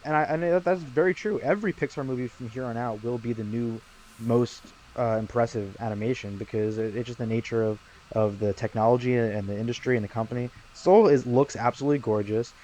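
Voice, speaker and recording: Fast-talking, argumentative man. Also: mid-range voice, a little mellow, a little hiss or hum, low-quality recording. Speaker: podcast co-host. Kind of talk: casual film debate.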